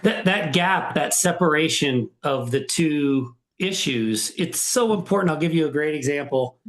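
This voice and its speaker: A man's voice: on the high side, a little slow, reverberant. A middle-aged man co-hosting a podcast, telling stories animatedly and agreeing often. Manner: animated storyteller, frequent agreeing. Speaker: podcast co-host. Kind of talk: casual podcast chat.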